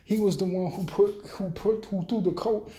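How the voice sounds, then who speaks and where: A man's voice: sits high, fairly even intonation, warm tone. A man ranting in a loose, rambling, profane monologue. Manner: profane, loose, rambling, talks fast then trails off. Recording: roomy echo.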